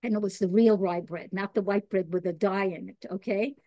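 A woman's voice: mid-range voice, fairly even intonation, fairly quick, warm tone, dry recording. A woman from New York, a podcast guest, talking in a chatty, digressive way, laughing at herself and earnest about spiritual growth. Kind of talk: casual chat.

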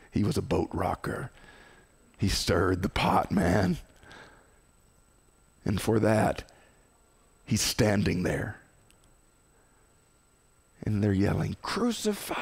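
A man preaching a sermon as pastor, impassioned, swinging between loud outbursts and hushed low tones. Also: very slow, vocal fry, pauses often, husky.

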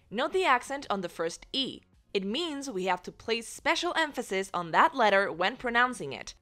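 A woman teaching a beginner language lesson in a clear, patient, scripted voice, carefully enunciating each word. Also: mid-range voice, fairly bright tone.

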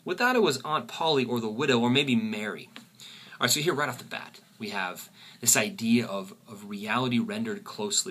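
A man teaching a literature lesson, often pausing and repeating words as he thinks. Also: mid-range voice, pushed and bright, breathy edge. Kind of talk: recorded lecture.

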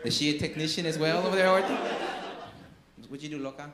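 A high-voiced male comedian works the crowd, teasing audience members with constant profanity. He sounds echoey, recorded live in a comedy club with loud audience noise around him. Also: fast. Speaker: stand-up comedian. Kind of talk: stand-up crowd work.

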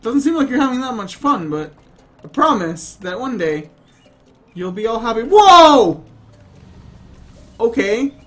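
Man, gaming commentary, animated swooping delivery, slow unhurried pace, goofy and excitable, faint music behind. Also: very high-pitched. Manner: playful, excitable, bursts into laughter. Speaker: gaming YouTuber. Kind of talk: let's play gameplay commentary.

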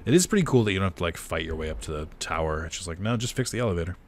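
A man's voice: deep voice, animated, very fast, slight background noise. A man giving casual let's-play commentary on a game, chatty and laughing, swearing freely at what happens on screen. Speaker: gameplay commentator.

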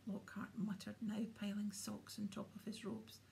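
A woman narrating a storybook aloud in a soft, hushed manner. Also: mid-range voice, little pitch movement, moderate pace, creaky, few pauses, whispered. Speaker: audiobook reader.

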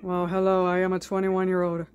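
A woman doing a deadpan goofy cartoon man. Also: fairly low pitch, a little fast, a little hiss or hum, close to an everyday voice. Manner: awkward, deadpan self-introductions. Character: goofy adult male cartoon cat owner.

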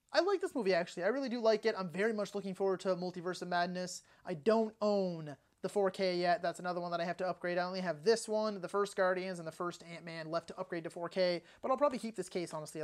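Enthusiastic young man reviewing his movies. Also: high-pitched. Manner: enthusiastic, opinionated, quick asides. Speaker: movie collection vlogger. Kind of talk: casual home video walkthrough.

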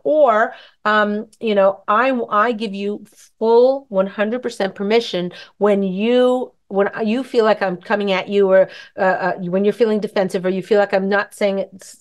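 A middle-aged woman hosting a talk show, giving casual, rambling marriage advice and acting out little dialogues. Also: medium pitch. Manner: chatty, rambling, acts out dialogue. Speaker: host answering questions.

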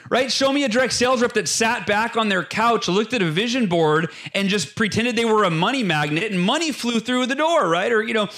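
A man speaking as an interview guest, explaining self-development steps in an energetic, emphatic motivational style and laying out numbered points. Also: high-pitched, fairly quick, few pauses. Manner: emphatic, acts out inner voices.

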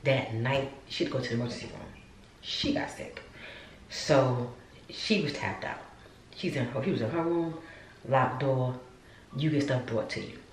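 A woman's voice: extremely low pitch, recorded from a distance. A woman talks casually to her viewers in a chatty vlog. She sits upstairs at home, a little away from the mic, with a roomy echo and a faint hiss behind her. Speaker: vlogger.

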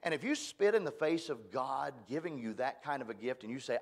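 A man's voice: medium pitch, big pitch swings, brisk, creaky. A man preaching a sermon at a church, folksy and emphatic, joking at his own expense. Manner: folksy, emphatic, self-deprecating. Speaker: guest preacher.

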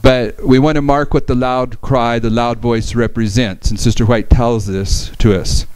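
A man's voice: medium pitch, steady tone, moderate pace, a little mellow, clear, resonant tone, no echo, poor audio. A man giving a Bible study lecture, reading verses aloud and explaining them with frequent restarts.

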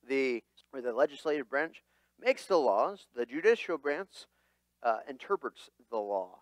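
Animated, lively-voiced male pastor preaching. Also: mid-range voice, measured pace, dry recording. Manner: animated, dramatic voicing of quotes. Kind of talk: sermon. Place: church.

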